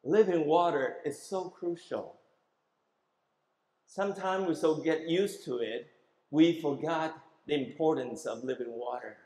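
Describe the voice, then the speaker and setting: A man's voice: fairly high pitch, measured pace, dark tone, roomy sound, low-quality recording. A man preaching a sermon as pastor, emphatic, asking the congregation questions and having them repeat words after him.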